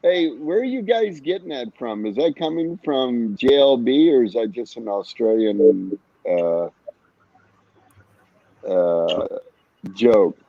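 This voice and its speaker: A man's voice: medium pitch, expressive, slow pace, gravelly, mellow, no echo, dull audio. Rambling, cursing man on voice chat. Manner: rambling, profane, laid-back. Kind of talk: casual chat.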